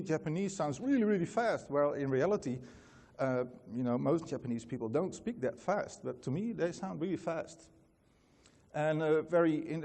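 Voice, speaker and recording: A man's voice: a little high, a little mellow, big-room sound. A man with a Dutch accent, a native Dutch speaker, giving a casual, chatty conference talk full of fillers. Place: large conference hall.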